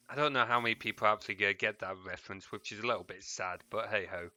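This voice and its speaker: A man's voice: fairly low pitch, expressive, fast talker, bright, forceful tone, dry recording. A man chatting casually while streaming a game, cursing at mobs and muttering asides to viewers. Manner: swears freely, mutters asides, chats to viewers. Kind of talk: casual gameplay stream chat.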